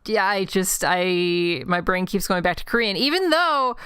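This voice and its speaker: Slow, smooth-voiced Chicago woman streamer. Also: medium pitch, fairly bright tone, no echo, studio quality. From Chicago, United States. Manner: chatty and rambling, quick self-mocking asides. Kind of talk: casual chat while livestreaming a game. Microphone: desk microphone.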